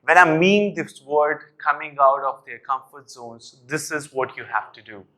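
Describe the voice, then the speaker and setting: A man's voice: on the high side, a little slow, sharp tone. A young man explaining a classroom activity to teachers with energy, calling them "guys" and answering his own questions. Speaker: teacher trainer.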